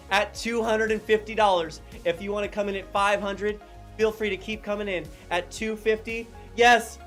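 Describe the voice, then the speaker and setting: A high-pitched man hosts a live charity fundraiser, cheering and calling out donor names. His voice climbs into excited shouts as the gifts come in. Faint music plays behind him. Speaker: fundraising auctioneer host.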